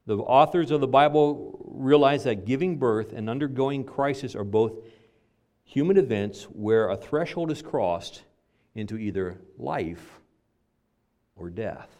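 A middle-aged man preaching a sermon, telling a personal story with frequent restarts and swings between loud and soft. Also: medium pitch, measured pace. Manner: lively storytelling, repeats words, varies volume widely.

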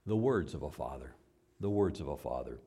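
A man, a father, preaching a sermon. He swings between loud, emphatic lines and quiet, low asides. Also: lively intonation, a little fast, creaky, slightly rough. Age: adult father. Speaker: pastor.

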